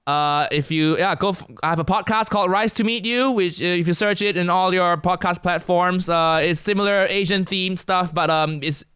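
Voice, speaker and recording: Smooth-voiced man chatting as a guest. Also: high-pitched, fairly even intonation, moderate pace, few pauses, fairly bright tone, dry recording, clean studio sound. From Malaysia. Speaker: podcast guest, comedian. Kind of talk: casual podcast chat.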